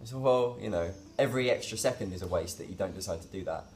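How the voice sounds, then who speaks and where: A man with a lowish voice talks to camera in a casual daily vlog. He rambles and reflects, full of fillers and restarts. Faint noise hums behind him. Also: quick pace, a little mellow. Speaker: vlogger.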